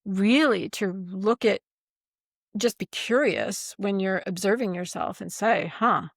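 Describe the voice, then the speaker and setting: Podcast co-host, woman, expressive teacherly chat, dry sound. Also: mid-range voice, unhurried, creaky, no room sound. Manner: animated, acts out quoted voices. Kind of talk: casual conversation.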